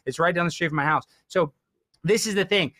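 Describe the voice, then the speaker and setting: High, bright, fast-talking excitable man. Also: dry recording, clean studio sound. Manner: excitable ranting, mimics others. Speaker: podcast guest. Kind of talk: casual podcast conversation.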